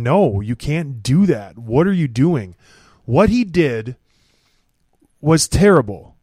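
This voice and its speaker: A man's voice: fairly high pitch, a little mellow, no echo. Blunt, ranting male podcast host. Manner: blunt, opinionated, mocking ranter. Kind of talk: casual hockey podcast chat.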